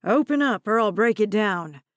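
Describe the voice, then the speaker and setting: A woman voicing a calm, reassuring man who takes charge. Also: medium pitch, moderate pace, dry recording, clean studio sound, natural voice. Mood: urgent. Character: steady, calm man, a handy neighbor.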